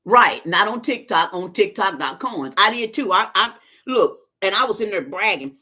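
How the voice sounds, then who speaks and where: A woman's voice: medium pitch, lively intonation, normal speed, bright, forceful tone, slightly rough. A woman chatting casually to viewers on a live stream, telling stories in a folksy, talkative way. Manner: chatty storyteller, talks straight to viewers, folksy phrasing. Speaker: vlogger doing a live stream.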